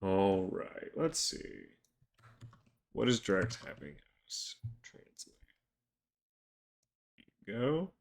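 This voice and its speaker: In a lowish, creaky yet fairly bright voice, a man reads every character's lines while streaming a visual novel, with game music in the background. He breaks off between scenes for loose, sweary chat with viewers.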